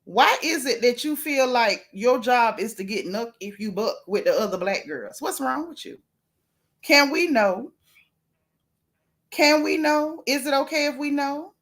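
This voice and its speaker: Sassy high-voiced woman dishing gossip. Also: measured pace. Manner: sassy, animated, talks straight at the people she mocks. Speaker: gossip vlogger. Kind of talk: casual commentary to viewers.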